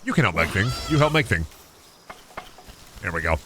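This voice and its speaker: A fairly low-voiced man gives rambling, jokey commentary while he plays a game, muttering to himself. His pitch swings widely, and he lurches into silly sing-song asides. A faint hiss sits under the voice. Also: big pitch swings, moderate pace, sharp tone. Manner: breaks into silly high sing-song bits. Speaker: streamer. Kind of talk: casual gameplay commentary.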